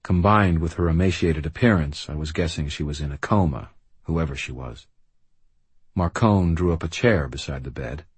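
A man narrates an audiobook of first-person fiction with a very low, deeply husky voice. His reading is dry, measured and wry, captured close-up in a completely dry recording with no echo.

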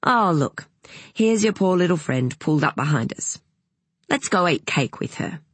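A man's voice: on the high side, lively intonation, moderate pace, fairly bright tone, breathy edge, no room sound. A narrator voicing a husband who teases his wife with dry sarcasm. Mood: teasing. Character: wry, teasing husband.

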